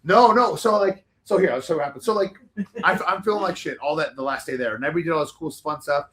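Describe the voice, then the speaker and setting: Fast-talking man telling stories. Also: a little high. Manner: animated, rambling, swears freely. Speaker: podcast guest, wrestler. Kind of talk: casual storytelling.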